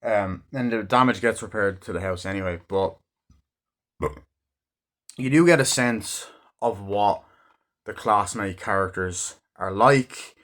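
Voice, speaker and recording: A man's voice: on the low side, measured pace, long pauses, fairly bright tone. A man casually reviewing a film, rambling through scenes with heavy swearing and lots of "like" and "um". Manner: rambling and heavily profane; loosely retells scenes with frequent "like" and "um".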